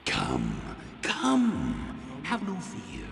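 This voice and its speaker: An actor playing a sinister male villain who lures the hero toward a mirror. He speaks in a gravelly, creaky voice, slow and beckoning, with pitch that swoops up and down. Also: wildly swooping pitch, a bit bright, heavily acted. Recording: long hall reverb with background noise.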